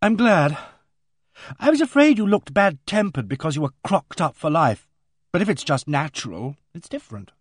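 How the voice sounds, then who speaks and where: A man's voice: on the high side, lively intonation, a little fast, a little mellow, no room sound, clean studio sound, close to an everyday voice. A man putting on a breathless blunt young woman. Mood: eager. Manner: breathless rush, artless and direct.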